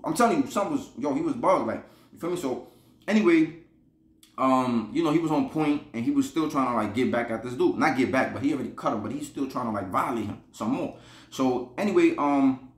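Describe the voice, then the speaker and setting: A man's voice: medium pitch, expressive, brisk, roomy sound. A man from Buffalo, New York, casually telling a rambling, slangy prison story, repeating himself and laughing as he goes. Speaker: podcast storyteller.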